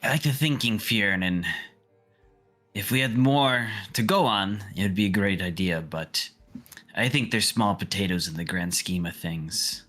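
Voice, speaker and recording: A man's voice: on the low side, unhurried, fairly bright tone, soft background music. Man doing a breezy, easygoing adventurer. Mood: reasoning.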